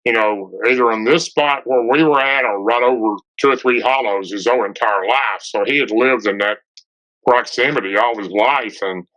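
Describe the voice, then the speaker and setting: A man's voice: mid-range voice, moderate pace, fairly bright tone. A middle-aged man with a Tennessee Southern accent, casually telling a story with lots of "and, uh" fillers. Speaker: guest telling an encounter story. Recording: dull lo-fi podcast audio.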